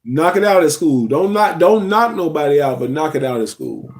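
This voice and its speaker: Young male streamer, slightly high voice, laid-back and chatty with the chat. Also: very animated, moderate pace. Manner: loose and chatty, reading chat aloud, yawning. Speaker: livestream host. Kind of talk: casual livestream chat.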